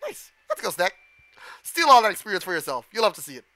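A man streaming a game live, giving excitable commentary, gasping, shouting and swearing at the screen. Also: high voice, fast, dry recording.

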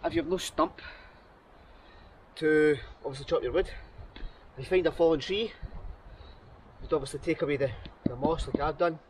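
A man's voice: on the high side, normal speed, long pauses, slight background noise. A Scottish man talking casually to camera in a forest, chatty and upbeat as he thinks aloud. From Scotland. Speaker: outdoor vlogger. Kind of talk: casual vlog talk to camera. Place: outdoors in a forest.

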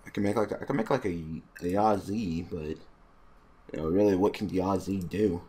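A man's voice: low voice, normal speed, warm tone, breathy edge. A man giving casual, mumbled commentary while playing an online card game, swearing and getting exasperated with his opponent. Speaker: gaming YouTuber.

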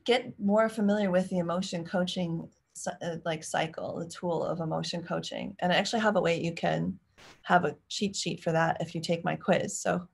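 Woman, thirties, parenting coach, low voice, gravelly, chatty live stream. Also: fairly even intonation, normal speed. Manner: chatty and warm, acts out parent and child lines.

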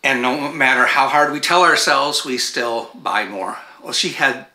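A man chats casually at home, hosting his knitting show and drifting from topic to topic. His tone is very bright and sharp, in an echoey room. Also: mid-range voice, expressive, measured pace. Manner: chatty and digressive, breaks off to talk to his dogs. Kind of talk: casual chat to camera. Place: home with dogs around.

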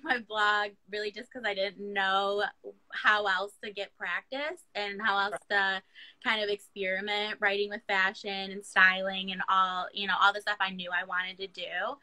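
Young michigan woman, super bright voice, bubbly chatty guest on a call. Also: mid-range voice, poor audio. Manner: upbeat, chatty with likes and laughs. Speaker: guest blogger. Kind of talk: casual interview.

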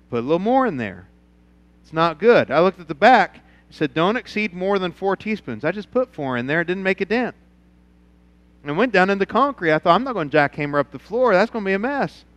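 A male pastor preaching a sermon, telling a personal story and moving from quiet, low passages to loud, fervent ones. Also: no echo. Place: church.

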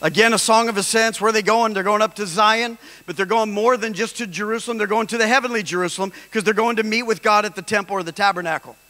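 High, bright-voiced preaching pastor. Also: male voice, fairly even intonation, fast talker, hardly any pauses. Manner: emphatic preaching, with lines building to shouts. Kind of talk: sermon. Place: church hall. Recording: long reverb of a large hall.

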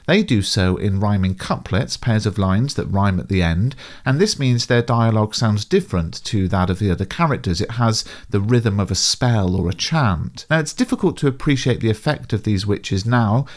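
A man who narrates a scripted literature lesson, explaining in a clear, measured way. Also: lowish voice. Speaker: teacher.

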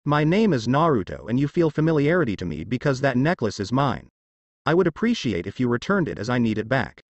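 A man voicing a calm, earnest young ninja hero. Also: medium pitch, a little fast, no room sound, dull audio.

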